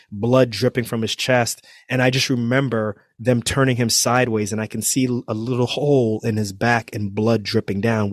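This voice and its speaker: A man's voice: medium pitch, no echo, clean studio sound. A man from New Jersey, a trauma surgeon, telling his story as a podcast guest and acting out what people said. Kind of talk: storytelling interview.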